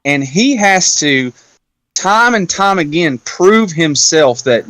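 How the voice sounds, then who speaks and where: Man with a fairly high, dry voice. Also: slow pace, no room sound. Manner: animated storyteller, acts out quotes. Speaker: podcast host. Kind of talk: casual round-table chat.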